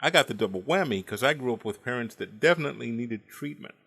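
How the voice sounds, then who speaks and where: A man's voice: medium pitch, expressive, fast talker, gravelly, sharp tone, husky. A man in his forties telling comic family stories in a dry, wry way, timing his punchlines. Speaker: storyteller. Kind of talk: comedic storytelling monologue.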